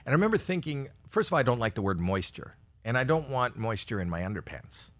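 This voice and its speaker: A stand-up comedian in his sixties performs a routine for a virtual audience he can't see. With a medium-pitched, very animated and slightly bright voice, he spins long, rambling, self-mocking stories, often stammering into quick restarts before landing the punchline.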